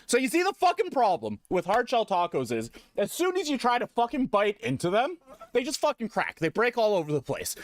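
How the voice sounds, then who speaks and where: A man streaming live, chatting casually with viewers in a profane, rambling, jokey way, now and then breaking into loud mock rants. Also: sits high, huge pitch swings, normal speed, no room sound, clean studio sound.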